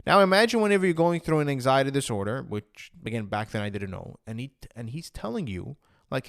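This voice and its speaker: A man's voice: on the high side, big pitch swings, normal speed, a bit bright, dry recording, clean studio sound. A man telling his personal story, re-enacting his own past words with rising emotion and saying "I'm like" again and again.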